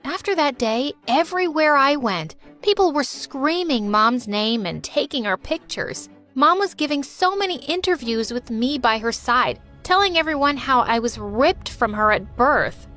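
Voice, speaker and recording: High-voiced woman narrating a cartoon story. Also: a little slow, hardly any pauses, faint music behind. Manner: lively and emotional, voicing a teenage girl. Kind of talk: first-person story narration.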